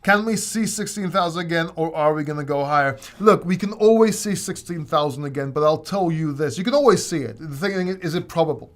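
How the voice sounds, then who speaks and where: A man's voice: on the high side, brisk, hardly any pauses. A man hosting a casual crypto livestream Q&A, joking and laughing often as he rambles through viewer questions. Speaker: crypto channel host.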